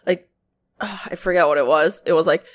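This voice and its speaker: A woman's voice: lowish voice, fairly quick. A young woman co-hosting a podcast, chatting casually, giggling often and mimicking voices as she tells stories. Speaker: podcast co-host. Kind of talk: casual chat.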